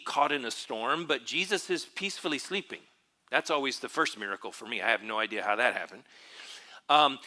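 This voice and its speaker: Male pastor, mid-pitched, very bright tone, thoughtful sermon delivery with frequent restarts. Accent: Texan. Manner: reflective, searching, with frequent fillers and restarts. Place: church.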